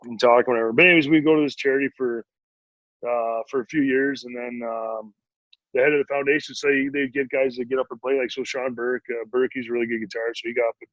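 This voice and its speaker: A man in his forties, a retired hockey player and podcast guest, telling a long story in a rambling, animated way with many fillers. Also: medium pitch, fast, no room sound, muffled recording. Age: 40s. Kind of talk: casual storytelling in an interview.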